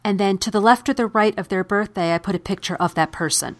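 A woman's voice: mid-range voice, fast talker. A married woman with children chatting casually, explaining things step by step. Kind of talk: casual chat.

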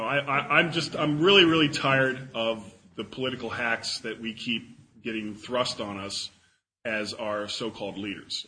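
A man's voice: mid-range voice, bright, forceful tone, low-quality recording. A man giving a casual talk and answering audience questions, chatty and self-deprecating, often repeating words as he thinks.

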